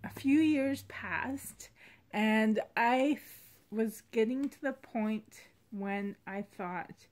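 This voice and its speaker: A woman's voice: a little high, takes it slowly. A woman vlogging about her doll collection in a rambling, heartfelt way. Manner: rambling, heartfelt, soft-spoken. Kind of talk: casual vlog chat.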